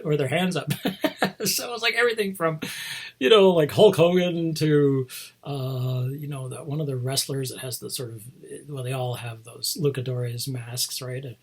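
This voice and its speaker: A man's voice: medium pitch, husky. A man hosting a casual chat about toy figures, rambling into asides and chuckling often. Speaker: host showing toy figures.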